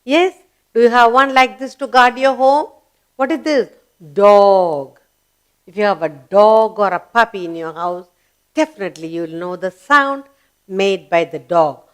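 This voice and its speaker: A woman's voice: mid-range voice, measured pace, clear, resonant tone. A woman teaching young children, asking questions, answering them herself and spelling words letter by letter in an emphatic, coaxing way. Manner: emphatic, coaxing classroom delivery. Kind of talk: children's grammar lesson.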